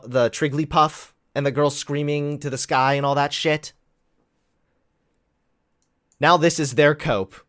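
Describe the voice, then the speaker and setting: A man's voice: fairly high pitch, a bit bright, dry recording, clean studio sound. A young man casually reacting to clips on a vlog, sarcastic and profane, laughing at his own jokes. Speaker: political commentary vlogger.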